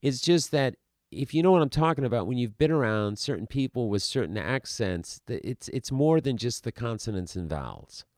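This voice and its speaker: A man's voice: medium pitch, lively intonation, moderate pace, a little mellow, no echo, studio quality. A man, an acting teacher, talking through a podcast monologue in an emphatic way, asking rhetorical questions and repeating words as he makes his points.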